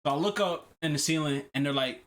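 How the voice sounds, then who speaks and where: A man hosting a podcast, telling a long personal story in casual chat, animated and profane, often repeating himself. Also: on the high side, quick pace. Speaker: podcast host.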